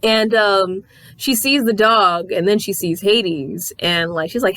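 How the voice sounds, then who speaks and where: A woman recaps a comic in a loose, animated chat, swearing casually and slipping into character voices. Her voice sits at an ordinary pitch, and the recording is dry and close. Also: takes it slowly, no room sound. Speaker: comic reviewer.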